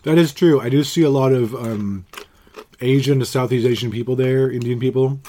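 A man's voice: medium pitch, fairly even intonation, moderate pace, dark tone. A middle-aged man hosting a podcast, chatting casually in a jokey, rambling way. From Canada. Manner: jokey, rambling, laughs easily. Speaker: podcast host. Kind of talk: casual chat.

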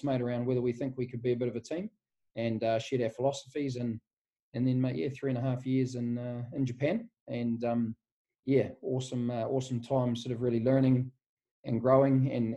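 A man in his forties with a New Zealand accent speaks from his office over a remote call. His voice is warm and mellow. He tells his career story in a relaxed, rambling way, with "mate" in nearly every sentence. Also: mid-range voice, brisk. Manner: laid-back, rambling, says "mate" constantly. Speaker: guest, strength and conditioning coach. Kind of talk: casual podcast interview.

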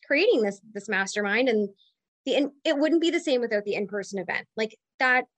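A woman's voice: on the high side, lively intonation, brisk, dry recording. A woman business owner and mom sharing an effusive, heartfelt testimonial in casual chat. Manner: effusive, chatty, emotional. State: close to tears. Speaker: mastermind member and business owner.

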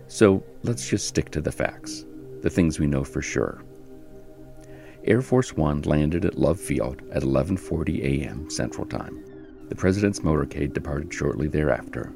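A man hosting and narrating a history podcast in a slow, measured scripted storytelling delivery. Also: a bass voice, gravelly, darkish tone.

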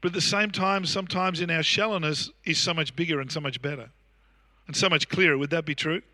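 An Australian man in his sixties delivers a sermon in an easy, anecdotal way, with plenty of fillers and restarts. His voice sits high for a man and rings very bright. The sound is dry and close. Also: fairly quick, no echo. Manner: anecdotal, conversational preaching with frequent fillers and restarts. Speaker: pastor. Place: church.

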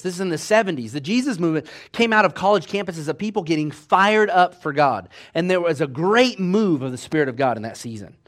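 A man preaching a sermon, telling a story with lively acted-out quotes and swinging between loud bursts and hushed passages. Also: fairly high pitch.

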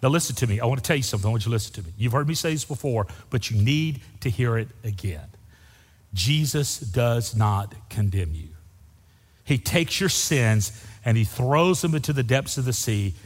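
A man's voice: mid-range voice, animated, fast, husky, big-room sound. A man preaching a sermon as pastor, emphatic and repeating key phrases for effect.

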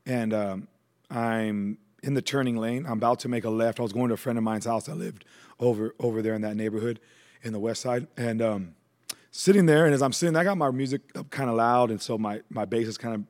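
A man guest telling his personal testimony in a relaxed, conversational way, with frequent fillers. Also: mid-range voice, a little fast. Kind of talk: casual storytelling.

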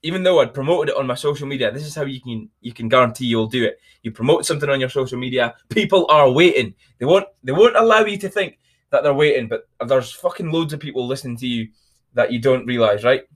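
A man's voice: medium pitch, fast talker. A young man hosting a motivational podcast, talking bluntly and energetically with plenty of swearing. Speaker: podcast host.

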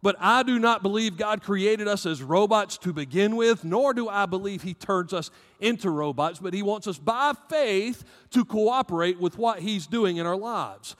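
A man's voice: high-pitched, long reverb tail. A man with a Southern American accent preaching a sermon as pastor, emphatic, rising and dropping in volume.

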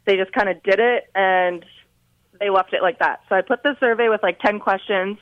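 A woman's voice: medium pitch, fairly even intonation, normal speed, dry recording. A woman in her twenties calling in on the phone, talking casually with lots of fillers. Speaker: caller, guest on the phone. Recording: dull, dry phone line.

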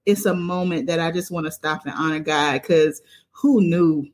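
A woman's voice: sits low, normal speed, a little mellow. Casting: woman podcast host, fervent and repetitive like a sermon. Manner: preacherly, repetitive, emotional. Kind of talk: enthusiastic podcast introduction.

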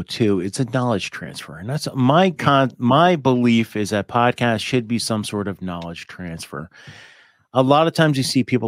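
A podcast host with a low voice who lays out his opinions with emphasis and steers the talk. His delivery is steady and direct, recorded close and dry. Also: no echo. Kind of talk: podcast hosting.

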